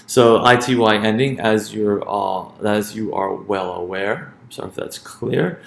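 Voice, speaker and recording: A man's voice: lowish voice, a little slow, vocal fry, roomy sound. A man teaching a lesson on word stress, hesitant, often repeating words and checking in with "right?".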